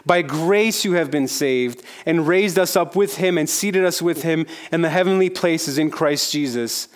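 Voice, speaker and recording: Conversational male preacher, fairly high voice. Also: a little slow. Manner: conversational, repeats phrases for emphasis. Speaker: pastor. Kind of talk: sermon.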